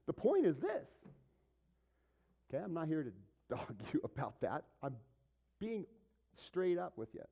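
A man's voice: fairly high pitch, wildly swooping pitch, a little slow, vocal fry, pauses often, highs cut off. A middle-aged man preaching a sermon in a conversational way, asking the congregation questions and acting out little asides. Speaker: pastor.

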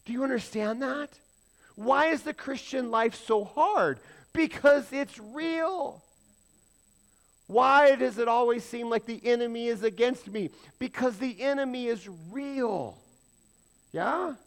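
Pastor guy preaching, high voice, lots of questions to the crowd, gets real quiet and intense sometimes. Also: measured pace, vocal fry. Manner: emphatic preaching, rhetorical questions to the congregation. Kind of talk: sermon.

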